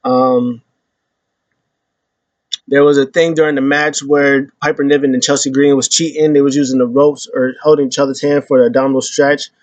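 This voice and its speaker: A man hosting a casual wrestling recap, retelling events in an animated way and acting out the quotes. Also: mid-range voice, normal speed, dry recording. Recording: dull lo-fi sound.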